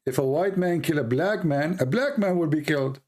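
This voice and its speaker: A man with an Arabic accent hosting a heated online debate, hoarse and coughing, pressing the same questions again and again. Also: fairly high pitch, animated, fairly quick, a little mellow. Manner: insistent, repeats questions. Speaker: debate host.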